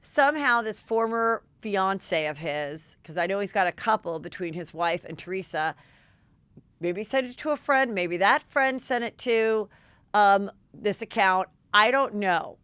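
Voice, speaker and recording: A middle-aged woman hosting a podcast, telling gossipy stories in a lively, chatty way. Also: mid-range voice, clear, resonant tone, dry recording. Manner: gossipy, animated, quick asides. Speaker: podcast host. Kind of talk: casual chat.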